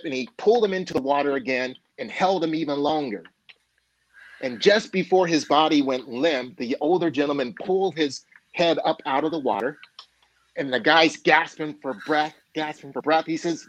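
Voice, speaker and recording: A man, a guest author, telling a motivational story in a measured, halting way with frequent fillers. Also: fairly high pitch, rough recording. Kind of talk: storytelling in a conversation.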